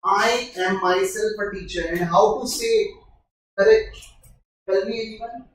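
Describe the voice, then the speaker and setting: A high-voiced man with an Indian English accent teaches a live grammar class at a measured pace, explaining patiently and repeatedly quizzing his students. He's recorded from a distance in an echoey room, with slight background noise.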